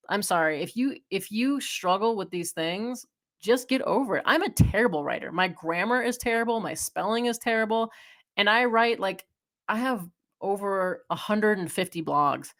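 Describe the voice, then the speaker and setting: A woman in her thirties hosting a solo advice podcast, talking frankly and casually with lots of fillers. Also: lowish voice. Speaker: podcast host, chiropractor.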